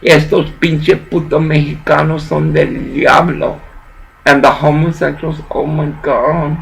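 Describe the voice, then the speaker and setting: A woman's voice: low voice, level tone, unhurried, gravelly, poor audio. An older woman delivering a rambling, profane vlog rant, dropping in Spanish words here and there.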